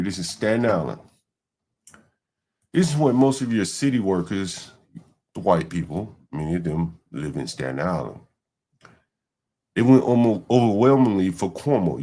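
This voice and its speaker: A man's voice: deep voice, a little mellow. A man hosting a livestream, talking in a rambling, loose way with casual profanity. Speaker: livestream host.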